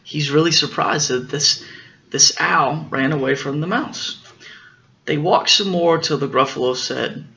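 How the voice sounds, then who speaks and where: A father reading a picture book aloud to his children, gently explaining the story as he goes. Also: a little high, unhurried, creaky, muffled recording.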